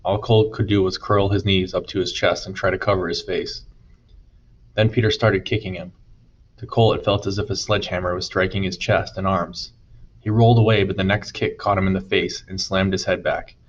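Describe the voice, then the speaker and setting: A man narrating an audiobook chapter in a steady storytelling manner. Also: sits low, brisk, muffled recording, a little hiss or hum. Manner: steady storytelling, voices dialogue. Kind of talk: scripted narration.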